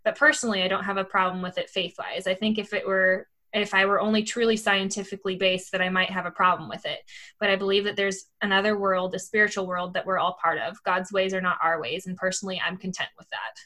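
A woman's voice: medium pitch, steady tone, quick pace, sharp tone. A woman co-hosting a podcast in casual chat, talking in a rambling way with lots of "like" fillers and frequent laughter. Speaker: podcast co-host. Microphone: remote call mic.

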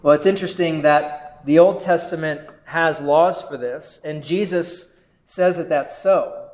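A man preaching as a pastor, earnest and measured, often checking in with the congregation. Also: fairly high pitch, darkish tone, reverberant. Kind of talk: sermon.

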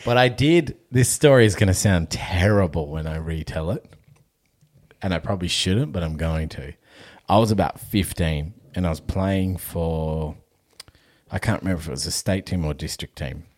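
Deep-voiced Australian man telling stories. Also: normal speed, a little mellow. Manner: swears freely, laughs through his story. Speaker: podcast host. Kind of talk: casual storytelling chat.

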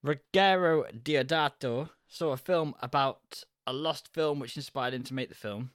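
A man's voice: mid-range voice, normal speed, a bit bright, smooth, dry recording, clean studio sound. A man co-hosting a casual podcast chat, laughing often as he reads facts from his notes. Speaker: podcast co-host.

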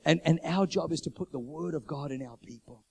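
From the pulpit, a middle-aged New Zealander preaches through animated stories, talking fairly quickly in a creaky, slightly mellow voice that's a little high for a man. His pitch bounces as he imitates the voices of those he quotes.

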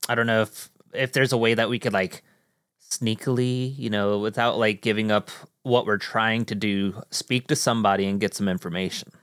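A man playing a tabletop game, speaking haltingly with many fillers. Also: fairly low pitch, fairly even intonation, fairly bright tone, clean tone, no room sound, clean studio sound. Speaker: player.

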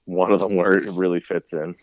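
A man's voice: level tone, brisk, dry recording. A man co-hosting a podcast in casual chat, talking with enthusiasm and his voice leaping up when he agrees. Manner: enthusiastic, with pitch jumping up on agreement. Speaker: podcast co-host.

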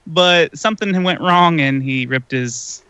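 A man's voice: a little high, a little slow, pushed and bright, clear, resonant tone, no echo. A man co-hosting a podcast in casual chat, rambling with fillers and laughing often. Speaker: podcast co-host.

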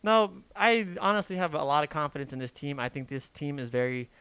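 A man's voice: on the high side, expressive, a little fast, a bit bright, clean tone. A young man co-hosting a sports podcast, eagerly arguing for his picks. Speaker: podcast co-host. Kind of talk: casual sports chat.

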